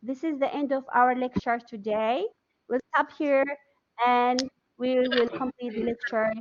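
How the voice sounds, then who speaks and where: A woman's voice: sits high, steady tone, measured pace, noisy background. A woman with an Arabic accent teaching an online English class, drilling students word by word and praising answers. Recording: dull, muffled lo-fi audio.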